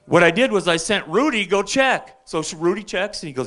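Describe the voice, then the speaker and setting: An older man telling loose, rambling stand-up stories into a stage mic, with a bright, forceful voice pitched a little high. He keeps checking in with the room as he talks. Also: animated, fairly quick. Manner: chatty, keeps checking in with the crowd. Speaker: open mic comedian. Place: bar stage at an open mic.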